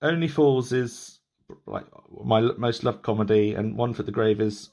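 A man in his thirties with a mid-range, darkish voice speaks at normal speed while hosting a podcast. The casual interview chat is loose, with many restarts and laughs.

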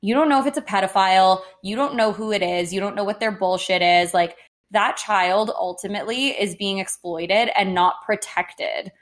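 A woman's voice: mid-range voice, moderate pace, hardly any pauses. A young woman co-hosting a casual podcast. She talks bluntly and indignantly, swearing freely as she makes her point. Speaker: podcast co-host. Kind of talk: casual chat.

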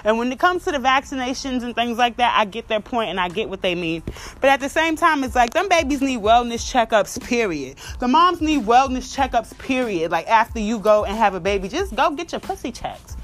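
A woman's voice: on the high side, brisk. Blunt, profane woman giving gossip commentary. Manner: blunt, animated, swearing freely. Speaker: commentary host.

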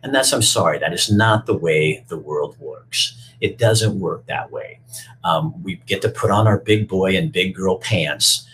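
A man with a very deep voice tells a story and then speaks his mind emphatically. He sounds emotional and blunt, swearing freely. There is faint noise in the background. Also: unhurried, a bit bright. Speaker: speaker who reads stories to schoolkids. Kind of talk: storytelling and personal rant.

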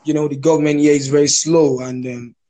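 A man's voice: a little high, flat delivery, fairly quick, warm tone. A young Nigerian man with a slightly raised voice talks in a loose, casual way. He hesitates often and circles back to restart his sentences. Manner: hesitant, many restarts and fillers. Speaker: podcast guest. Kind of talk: casual chat.

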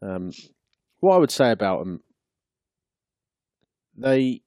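A man's voice: fairly low pitch, sing-song, slow, darkish tone, no room sound, studio quality. A man co-hosting a casual sports podcast, blunt and rambling, often restarting his sentences. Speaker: podcast co-host.

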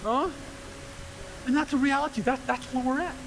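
A man pastor preaching a sermon to a congregation, animated, acting out quoted voices and firing rhetorical questions at the room. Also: extremely high pitch, normal speed, slight background noise. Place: church before a congregation.

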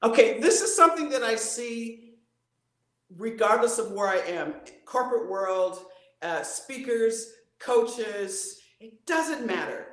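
A woman voice coach on a video call, talking in a playful, animated way and acting out voices. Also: slow, echoey room. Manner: playful, acts out voices, swings pitch widely. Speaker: voice coach guest.

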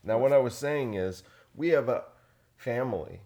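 Medium-pitched and mellow with lively intonation, a man hosts a laid-back podcast chat at a moderate pace. He rambles, gets sarcastic, and restarts his sentences, recorded on a single handheld recorder.

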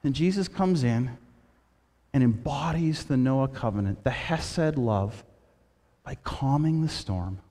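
A man preaching a sermon, retelling stories in a lively way and dropping his voice low and quiet for quoted lines. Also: takes it slowly, long reverb tail. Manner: storytelling with quoted voices, shifting between loud and hushed. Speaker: pastor.

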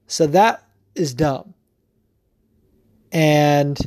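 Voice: medium pitch, unhurried, pauses often, dry recording. Dry, rambling podcast host. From United States. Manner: profane, rambling, animated with many fillers. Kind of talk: casual opinion rant.

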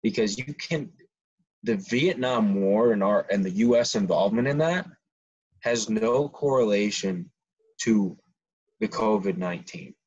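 A man's voice: fairly low pitch, measured pace, darkish tone, breathy edge. A man around twenty, co-hosting a casual podcast, ranting his opinions heatedly with frequent restarts. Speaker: podcast co-host. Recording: dull lo-fi sound.

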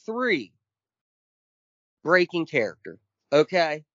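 A man's voice: on the high side, very animated, takes it slowly, dry recording. A man co-hosting a podcast, ranting casually and emphatically with lots of swearing, counting off his points one by one. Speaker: podcast co-host. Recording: dull lo-fi dry sound.

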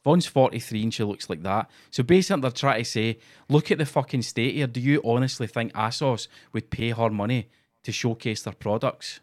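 Scottish male co-host, casual and sweary, mid-pitched, storytelling. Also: a little fast. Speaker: podcast co-host. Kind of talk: casual chat.

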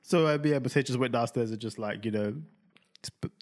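A man's voice: medium pitch, brisk. A young man, co-hosting a podcast in casual chat, telling stories with lots of laughter and imitated voices. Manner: animated storytelling, mimics voices, laughs often. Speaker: podcast co-host.

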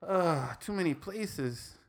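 A man's voice: a little high, lively intonation, takes it slowly. A man with a Hawaiian Pidgin accent, co-hosting a podcast and chatting in a laid-back, rambling way. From Hawaii and Tennessee. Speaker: podcast co-host. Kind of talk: casual chat.

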